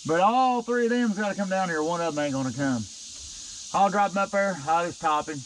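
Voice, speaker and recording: A middle-aged logger mutters and cusses his way through the job, folksy and fed up. His voice sits fairly high for a man. He is recorded outdoors on a steep hillside, with loud outdoor noise behind him. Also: fairly quick, rough recording. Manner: grumbling, cussing under his breath, folksy. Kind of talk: casual talk to camera while working. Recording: outdoor noise, chainsaw and insects.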